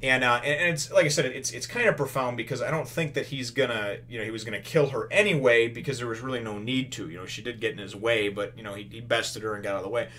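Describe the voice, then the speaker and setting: Talking fast and barely pausing, a man who reviews comics retells a chapter in a loose, filler-heavy ramble, switching to a raised voice whenever he quotes a character. His pitch is medium and his tone a little bright.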